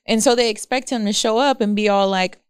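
Clear-voiced Houston woman telling a story. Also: medium pitch, fairly quick, no echo, clean studio sound. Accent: Houston, Texas. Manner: storytelling, teasing, swears freely. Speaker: podcast co-host. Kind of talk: casual chat. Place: podcast studio.

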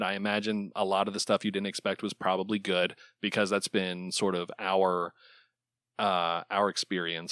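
A man's voice: lowish voice, fairly bright tone, dry recording, studio quality. A man co-hosting a podcast, chatting casually in a rambling, hesitant way. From Baltimore area. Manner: rambling, hesitant, lots of restarts and laughs. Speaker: podcast co-host. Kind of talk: casual chat.

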